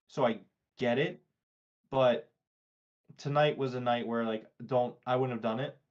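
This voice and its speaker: A man co-hosting a casual podcast, laying out his views in a thoughtful, analytical way with plenty of fillers and restarts. His pitch is ordinary, and the recording sounds dull and lo-fi. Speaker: podcast co-host. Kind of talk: casual wrestling review chat. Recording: dull, lo-fi mic.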